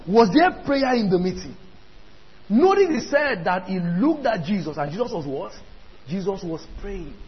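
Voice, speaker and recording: A man's voice: high-pitched, a little hiss or hum. A man preaching a sermon, emphatic, repeating lines and putting questions to his listeners. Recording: dull lo-fi sound with faint ambience.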